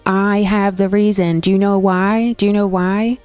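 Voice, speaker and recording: A woman's voice: mid-range voice, flat delivery, normal speed, a little mellow, clear, resonant tone, no echo. A young woman streamer chatting casually with her viewers, opinionated and thinking aloud with frequent restarts. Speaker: gaming streamer. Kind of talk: casual chat reacting to stream chat. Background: faint stream background music.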